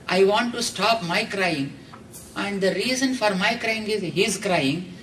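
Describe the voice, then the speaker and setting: Slow-speaking Indian man giving a discourse. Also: high voice, a bit bright. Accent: Indian English. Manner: slow, explaining, with Sanskrit verses chanted and many "you know". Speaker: spiritual teacher giving a discourse. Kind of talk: religious discourse. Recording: distant mic with faint background noise.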